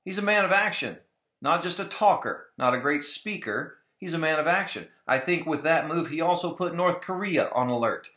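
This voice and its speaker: Opinionated male vlogger, conversational, slightly high pitch, echoey room. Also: animated, normal speed, sharp tone. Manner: conversational, opinionated, often mimics others mockingly. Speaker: video blogger on Bible prophecy. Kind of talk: casual commentary vlog. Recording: roomy echo.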